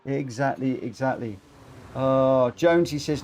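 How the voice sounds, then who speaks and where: A man's voice: a little high, normal speed, a little mellow, slight background noise. A man from the United Kingdom commentating his live racing game stream, chatting to viewers and reading out the race results.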